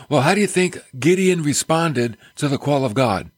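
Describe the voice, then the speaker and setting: A man delivers a folksy radio sermon from a studio, throwing in playful asides. His voice sits a little high and swings widely in pitch. It has a husky edge, recorded dry and close, with faint music behind. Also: normal speed, hardly any pauses, no room sound. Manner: folksy, animated, joking asides. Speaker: radio Bible teacher and host.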